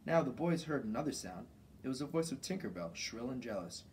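Relaxed man reading a children's story. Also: mid-range voice, fairly quick, recorded from a distance, slight background noise, poor audio. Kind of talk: reading a children's book aloud. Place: home garage workshop.

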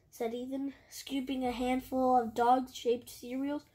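A woman reading a picture book aloud in a careful, halting way. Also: high-pitched, level tone, mellow. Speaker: storybook reader.

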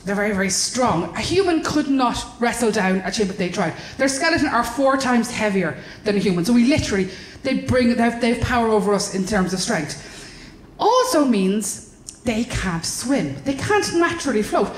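Irish female stand-up, fairly high, sweary and animated, live in an echoey room. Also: moderate pace, slight background noise. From Ireland. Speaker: stand-up comedian. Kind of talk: stand-up comedy. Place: comedy club stage. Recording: roomy live venue.

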